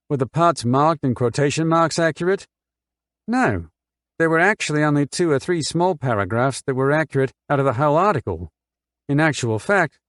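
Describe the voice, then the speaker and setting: A man's voice: a little high, fairly bright tone, no echo, studio quality, pitched above the performer's own voice, lightly acted. A man reading an audiobook voices a woman on the witness stand, a mother who answers with scorn and precise, argumentative replies.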